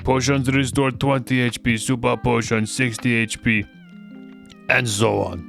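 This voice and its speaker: A man's voice: mid-range voice, fairly even intonation, a little slow, vocal fry, fairly bright tone, faint music behind. A man voicing a formal male teacher who lectures a class during a game playthrough. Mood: lecturing.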